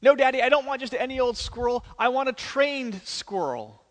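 A spoiled brat of a rich girl whines and demands, as a preacher puts her on, the voice lifted high and pushed loud. It rings out with a long reverb in a large church. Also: little pitch movement, fast talker. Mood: whiny, demanding. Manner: demanding, whining.

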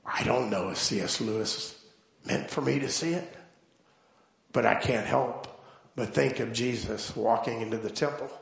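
A man preaching a sermon, telling stories slowly and deliberately and building to emphatic points. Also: mid-range voice, creaky, echoey room. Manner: slow, deliberate storytelling with emphatic build-ups.

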